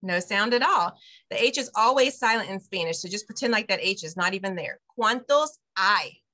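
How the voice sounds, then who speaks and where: A woman directing an online Spanish class for parents, upbeat and patient, modeling each phrase slowly over a video call. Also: medium pitch, bright, forceful tone. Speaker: bilingual preschool director teaching parents.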